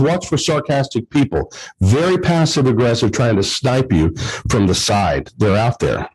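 Husky guy preaching, punchy and repeats himself, talks right at you. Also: medium pitch, sing-song, moderate pace, a little mellow, low-quality recording. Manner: emphatic, repetitive, addresses listeners directly. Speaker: pastor. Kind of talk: sermon. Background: men's gathering.

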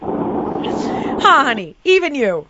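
A woman's voice: high-pitched, very animated, extremely slow. A woman telling a comic story in a dramatic way, laughing and shrieking when she quotes herself. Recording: dull lo-fi audio with background noise.

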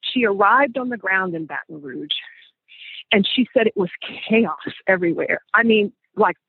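A man with a high, very husky voice tells a story as a podcast host, leaning hard on repeated phrases. The sound is dry and thin, like a phone line. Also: expressive, moderate pace, dry recording. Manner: emphatic, repeats phrases for weight. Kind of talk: conversational storytelling.

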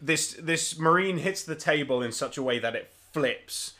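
Man, game master, bright tense voice, casual narration, lots of ums. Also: on the high side, moderate pace. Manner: casual, swearing, many ums.

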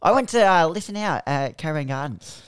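A man's voice: a little high, animated, a little fast, clean tone, no echo, clean studio sound. A young Australian man co-hosting a podcast, telling a rambling story in casual chat, swearing freely and laughing as he goes. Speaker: podcast co-host.

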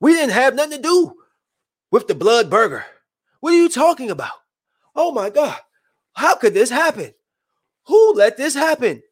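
A man voicing a panicked male corporate spokesman who frantically denies everything in a shrill, exclamatory tone. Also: big pitch swings, full character voice. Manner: shrill, exclamatory, rapid-fire questions.

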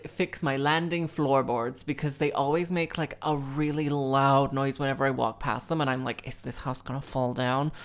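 Young woman, low voice, rambling sarcastic storyteller. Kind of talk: casual storytelling monologue.

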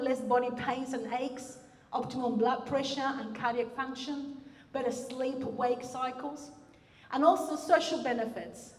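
A woman pastor giving a conversational sermon with restarts and fillers, recorded in a church hall. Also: fairly high pitch. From Australia. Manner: warm, conversational preaching with frequent restarts and fillers.

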